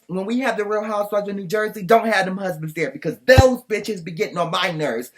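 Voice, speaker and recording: Recap podcast host: man, sassy and cussing, voice on the higher side. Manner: sassy, profane, exasperated ranting. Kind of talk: casual commentary with clips.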